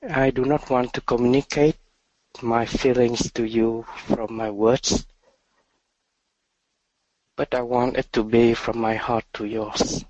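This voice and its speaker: Man, meditation teacher, dharma talk, soft-spoken, halting, very slow, dry close sound. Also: medium pitch, flat delivery, no echo, dull audio.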